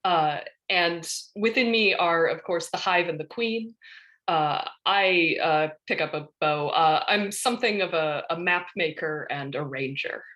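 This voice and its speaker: A woman's voice: lowish voice, unhurried, fairly bright tone, highs cut off. A woman playing a Warforged robot ranger with a bee hive inside, speaking plainly and matter-of-fact. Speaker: player.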